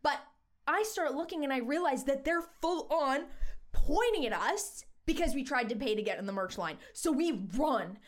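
Animated young woman telling a story. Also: sits high, normal speed. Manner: animated, self-mocking, slangy. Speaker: podcast host. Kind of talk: casual storytime.

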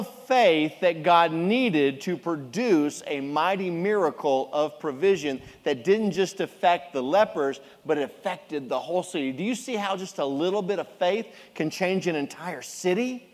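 A middle-aged man preaching a sermon as a pastor, animated and jokey as he tells the story. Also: on the high side, a little slow, few pauses. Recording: long reverb of a large hall.

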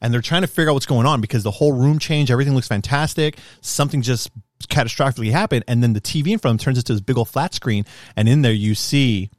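A young man eagerly recapping a film in relaxed conversation. He stumbles and restarts as he piles on details. His voice sits mid-range and sounds dry and close. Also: medium pitch, fast, dry recording. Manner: excited storytelling with many fillers and restarts. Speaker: podcast co-host. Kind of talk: casual chat, recapping a movie scene.

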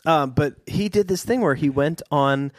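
A man's voice: fairly high pitch, normal speed, no echo, clean studio sound. A man co-hosting a casual podcast chat, rambling and wry, often correcting himself mid-sentence. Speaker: podcast co-host.

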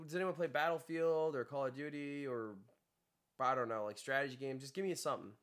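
A man hosting a casual podcast with friends. He is excitable and often slips into goofy impressions. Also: mid-range voice, a little fast. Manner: excitable, does goofy character voices. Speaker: podcast host. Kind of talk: casual chat.

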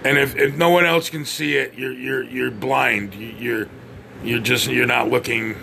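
Cussing guy venting on his podcast, real gravelly, faint hiss behind. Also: medium pitch, steady tone, unhurried. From United States. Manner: profane, blunt, stammers and restarts. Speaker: podcast host. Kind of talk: opinionated podcast rant.

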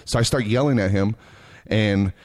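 A man's voice: on the low side, normal speed, a little mellow. A man from Reno telling stories in casual chat, swearing freely and laughing often. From Reno, Nevada.

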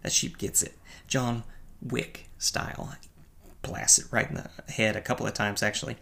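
A man's voice: on the low side, fairly even intonation, moderate pace, gravelly, sharp tone. A man giving a casual, wry film review, teasing himself and chuckling. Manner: wry, playfully self-mocking, with chuckles and stumbles. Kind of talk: casual movie review commentary.

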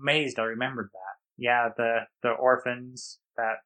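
A man's voice: medium pitch, steady tone, measured pace, pushed and bright. A man co-hosting a podcast, chatting casually and in a self-deprecating, rambling way about his improv show. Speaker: podcast co-host and improv performer. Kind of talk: casual chat.

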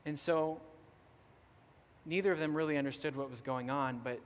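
A young man speaks as a missionary guest preacher, telling a story in a casual, lively way full of little fillers. His voice sits a bit high for a man. It rings out with the long reverb of a church hall. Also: moderate pace. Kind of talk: storytelling sermon. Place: church sanctuary.

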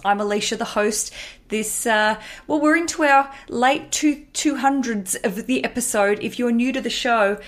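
A woman hosting a podcast, chatting casually, joking at her own expense and swearing lightly. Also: on the high side. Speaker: podcast host. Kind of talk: casual chat.

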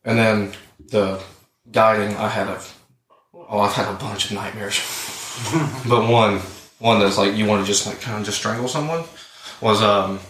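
A man's voice: on the low side, a little slow, long pauses. A young man in his twenties, a podcast co-host and hunting guide, telling a story casually with lots of profanity and acted-out dialogue. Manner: profane, animated storyteller acting out both sides. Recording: roomy, distant mic with faint noise.

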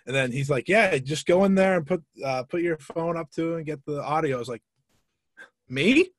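A man's voice: a little high, dry recording, clean studio sound. A man in his twenties chatting casually on a podcast, often stumbling and repeating words as he tells stories. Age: 20s. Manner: halting, repeats words, laughs through stories.

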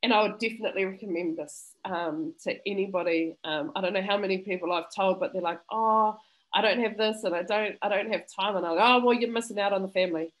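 A woman speaks over a video call. She sounds effusive and openly emotional, pouring out gratitude in a heartfelt testimonial at a medium pitch for a woman. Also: fairly even intonation, fairly quick, rough recording. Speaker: student interviewee.

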